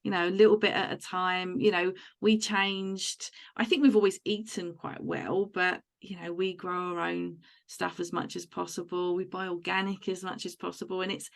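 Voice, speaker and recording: A woman's voice: on the low side, flat delivery, normal speed, gravelly, few pauses. A woman hosting a podcast in casual chat, telling rambling anecdotes about home life. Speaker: podcast host.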